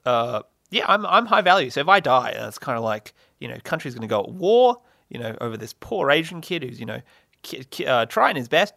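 A man's voice: mid-range voice, big pitch swings, fairly quick, vocal fry, bright, forceful tone, dry recording, studio quality. A young man hosting a solo comedy podcast, rambling and self-mocking with lots of fillers and laughs. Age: young adult. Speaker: podcast host.

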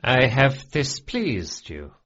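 A man voicing a courteous yet quietly threatening older crime lord in an audiobook, with a lively, measured delivery on a dull lo-fi recording. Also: mid-range voice, heavily acted. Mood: suave, menacing. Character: smooth, menacing older male crime lord.

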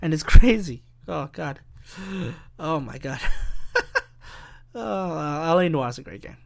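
A man's voice: on the high side, expressive, measured pace, creaky. A young man hosting a solo podcast, rambling and swearing, often cutting himself off mid-sentence. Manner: rambling, profane, self-interrupting. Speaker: podcast host.

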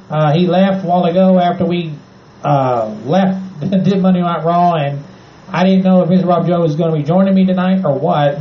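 A man hosting a casual wrestling recap podcast, saying "ladies and gentlemen" often, with many "uh" fillers. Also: high-pitched, fairly quick. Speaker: podcast host. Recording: echoey muffled room, faint noise.

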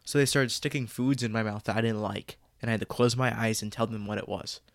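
A seventeen-year-old with a fairly low, congested voice from a cold chats casually on his solo podcast, rambling and joking self-awarely about his own stalling. He talks fast with fairly even intonation, in clean studio sound without room echo.

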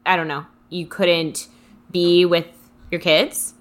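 A woman's voice: on the low side, level tone, slow. A young woman co-hosting a casual podcast chat, speaking in a reflective, chatty way full of "like". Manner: reflective, chatty, many "like" fillers. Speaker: podcast co-host.

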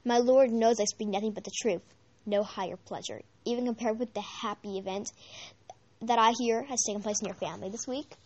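A woman's voice: on the high side, steady tone, a little fast, a little mellow, slightly rough, lo-fi sound. A woman voicing a fanatical, devoted female witch follower in a read-aloud story, eager and pleading. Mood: eager devotion.

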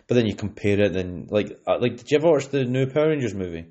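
Brief: young Scottish guy, low voice, rambly podcast host, muffled recording. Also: lively intonation, fast, warm tone. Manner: rambling, with many "you know what I mean" fillers. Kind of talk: casual chat.

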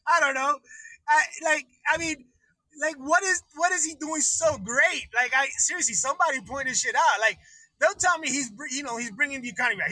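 A man's voice: very high voice, bright, forceful tone, no echo, rough recording. Male livestream host, casual rant, swears a lot, dry close-miked sound. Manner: profane, rambling, laughs often.

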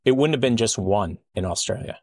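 Playful guy co-hosting a chat, bouncy lively voice, super dry sound. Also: lowish voice, dry recording. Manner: animated, playful, quick to laugh and joke. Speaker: co-host. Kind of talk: casual reaction chat.

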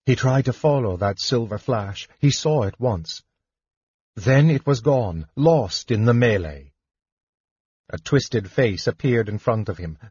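A man with a husky voice narrating a fantasy audiobook in a measured, even manner. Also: medium pitch, no room sound, muffled recording.

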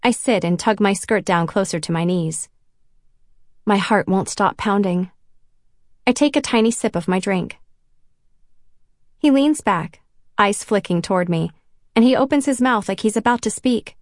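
Brief: woman audiobook narrator, wry, self-conscious first-person read, mid pitch, dry close sound. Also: a little slow, pauses often, no echo.

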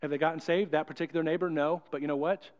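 A man's voice: a little high, fairly even intonation, racing, lo-fi sound. A male pastor preaching a sermon in a conversational, storytelling way.

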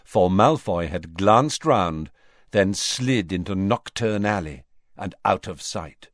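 A man reading an audiobook aloud in an expressive, varied way. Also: low voice, slow pace, no room sound, studio quality. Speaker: audiobook reader. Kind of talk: audiobook narration.

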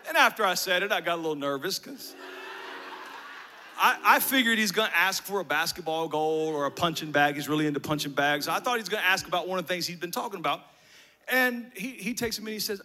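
A man telling a rambling story about his son, animated and emotional, with many restarts. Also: high voice, fast, a little hiss or hum. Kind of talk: storytelling comedy set.

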